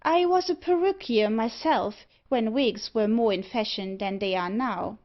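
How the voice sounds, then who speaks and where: A woman voicing a meek, strange little old man who answers mildly and quietly. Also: fairly high pitch, a little slow, natural voice. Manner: mild and quiet. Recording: slightly dull audio.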